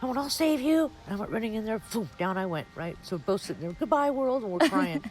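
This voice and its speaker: Fast, lively woman telling a family story. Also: mid-range voice, faint music behind, rough recording. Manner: lively, acts out quotes, swears casually. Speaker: interviewee, family member. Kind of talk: animated storytelling.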